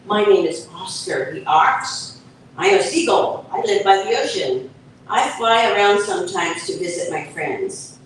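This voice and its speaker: A woman's voice: medium pitch, expressive, a little slow, slight background noise, lightly acted. Woman reading as a cheerful talkative seagull, storybook, echoey hall, distant mic. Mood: friendly. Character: friendly male seagull visiting new friends. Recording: echoey event hall from far off.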